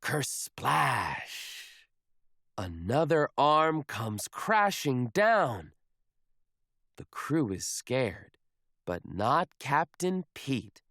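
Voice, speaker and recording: A man reading a children's picture book aloud in a slow, expressive storybook manner. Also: medium pitch, no echo, studio quality.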